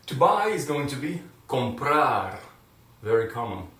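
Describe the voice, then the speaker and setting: An encouraging male teacher runs a video lesson and belts out words for his viewers to repeat. His voice has a middle pitch. It bounces around an echoey room and sounds a little far from the mic. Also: sing-song, measured pace. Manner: encouraging, loud drilled repetitions. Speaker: Spanish teacher.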